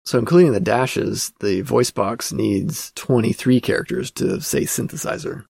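A man with a gravelly, creaky voice of middle pitch talks his way through an old magazine for his podcast. He speaks casually and thinks aloud, dropping fillers as he goes. The sound is close and dry, with no room echo. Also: measured pace, a little mellow. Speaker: podcast host.

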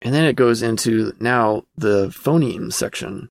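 Gravelly-voiced man hosting a podcast. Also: mid-range voice, unhurried, dry recording. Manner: conversational, thinking aloud with fillers. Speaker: podcast host. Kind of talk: casual podcast reading and commenting on an old magazine.

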